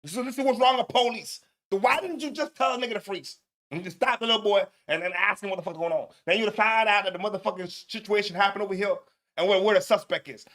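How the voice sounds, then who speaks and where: Loud, profane high-voiced man ranting. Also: fast. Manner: loud, animated, heavy cursing, repeats himself. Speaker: show host reacting to clips. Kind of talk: profane live reaction commentary.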